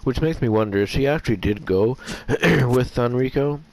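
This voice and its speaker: A man giving rambling, hesitant commentary on a game he plays, often clearing his throat as his voice gets rough. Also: mid-range voice, moderate pace, dark tone. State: voice getting rough. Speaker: gameplay commentator. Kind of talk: casual let's-play commentary.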